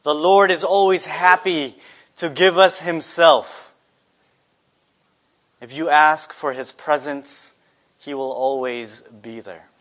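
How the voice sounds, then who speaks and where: A man's voice: on the high side, fairly even intonation, slow, pauses often, fairly bright tone. A man preaching a sermon earnestly, asking his listeners rhetorical questions. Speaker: pastor.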